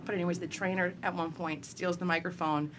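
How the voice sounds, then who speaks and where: A young woman with a fairly low-pitched voice chats through her stories as a podcast guest. She is lively and quick to laugh, with a faint hum behind her. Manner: lively, laughs often while telling stories. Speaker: guest, company founder. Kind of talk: casual storytelling interview.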